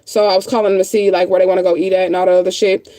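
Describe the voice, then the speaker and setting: Her voice is on the low side, level and warm, and she talks very fast in a dry recording. Upset and almost crying, this livestreaming vlogger bluntly swears and repeats herself as she rants to viewers.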